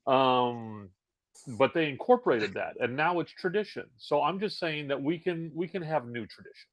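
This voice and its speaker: A middle-aged man co-hosting a podcast in casual chat, with wry, crude deadpan humor. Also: a little high, normal speed, no room sound, low-quality recording. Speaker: podcast co-host.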